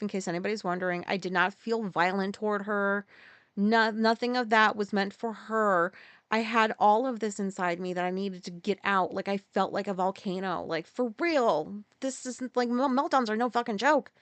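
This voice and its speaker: A woman hosting a podcast, candidly telling a personal story in a halting, profane way, full of restarts and sudden jumps up in pitch. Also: steady tone, fairly bright tone, no echo. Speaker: podcast host.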